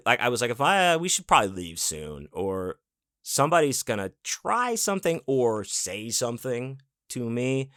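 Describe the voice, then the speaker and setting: Profane storytelling man, low voice. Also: a bit bright, dry recording, studio quality. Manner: profane, rambling, acts out quotes. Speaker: podcast host. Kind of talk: casual storytelling.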